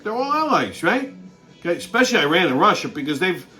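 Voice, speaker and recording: A man's voice: sits high, sing-song, fast talker, sharp tone, faint music behind. A man hosting his show, ranting bluntly in a heavily profane monologue and laughing through his own stories. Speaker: show host.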